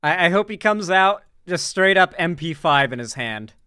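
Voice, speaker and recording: A woman's voice: fairly low pitch, expressive, normal speed, pushed and bright, clean tone, no echo, clean studio sound. A woman hosting a casual livestream, joking, rambling and swearing freely as she talks to her chat. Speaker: streamer host.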